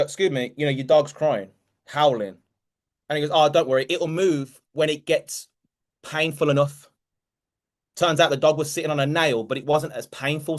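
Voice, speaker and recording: A man hosting a group call as a motivational coach, talking directly and emphatically and repeating key phrases. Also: fairly high pitch.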